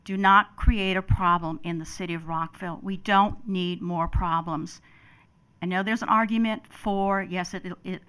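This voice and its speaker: A woman's voice: fairly low pitch, fairly even intonation, moderate pace, fairly bright tone, smooth. An older woman testifying at a public hearing, emphatic and emotional, often repeating herself.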